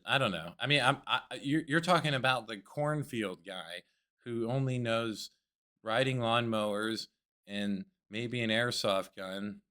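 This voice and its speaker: A man's voice: on the low side, sharp tone. A man co-hosting a podcast, joking and rambling in casual chat. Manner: joking, rambling banter, calls people dude. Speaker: podcast co-host.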